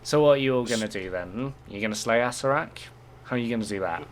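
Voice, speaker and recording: A man's voice: mid-range voice, quick pace, a little hiss or hum, lightly acted. A man doing a smug, sarcastic head scholar. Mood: mocking. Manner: sarcastic, needling questions. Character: smug, distrustful male head scholar of a library-fortress.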